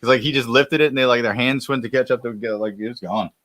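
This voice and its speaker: A man's voice: medium pitch, quick pace, fairly bright tone, no room sound. A man co-hosting a podcast, chatting casually with rambling, profane jokes. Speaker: podcast co-host. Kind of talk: casual comedic chat.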